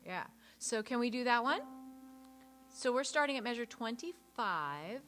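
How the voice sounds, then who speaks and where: A woman's voice: on the high side, lively intonation, a little slow, a bit bright. A woman directing a choir rehearsal, counting beats aloud and singing parts to show them, encouraging and patient. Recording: rehearsal room with piano behind.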